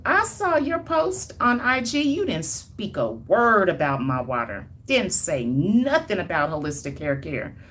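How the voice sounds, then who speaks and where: Sassy low-voiced woman stylist, livestream. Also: sing-song, measured pace, few pauses, a bit bright, a little hiss or hum. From Denver, Colorado. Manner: sassy, emphatic, colloquial, chuckling asides. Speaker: hair stylist and brand owner. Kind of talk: casual livestream talk to viewers.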